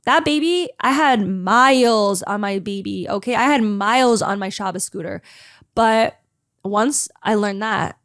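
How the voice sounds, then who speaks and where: A young woman hosting a podcast tells a story in a loose, animated, chatty way, sprinkling "like" throughout. Her mid-range voice moves a little slowly, and the recording is dry with clean studio sound.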